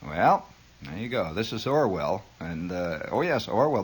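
A man's voice: low-pitched, sing-song, a little slow, slightly rough. A man hosting a radio show, talking in a wry, sardonic, rambling monologue full of asides. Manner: wry, sardonic, digressive, mock-grandiose asides. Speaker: radio host. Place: radio studio.

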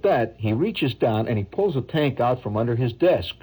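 A man's voice: mid-range voice, sing-song, brisk, hardly any pauses, dark tone, breathy edge, poor audio. A man telling a rambling, wry story in a casual way, full of asides. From New York.

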